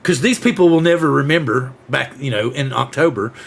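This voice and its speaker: On a casual live-streamed drone show, a male host rambles excitably, restarting often and acting out sound effects. His medium-pitched voice is brisk and husky, with vocal fry.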